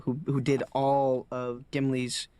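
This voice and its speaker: A man's voice: medium pitch, completely flat delivery, slow pace, dark tone, clear, resonant tone, no room sound. A man actor in a documentary interview, talking enthusiastically about his co-workers.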